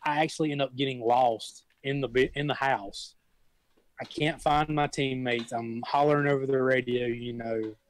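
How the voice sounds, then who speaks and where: A young man recounts his firefighting stories in an easygoing, rambling way, often circling back and restarting his sentences. His voice sits in an ordinary middle pitch. The sound is dry and close, with no room around it. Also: steady tone, moderate pace, dry recording, rough recording. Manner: rambling, folksy storytelling with repeated restarts. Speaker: guest, volunteer firefighter. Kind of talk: casual storytelling.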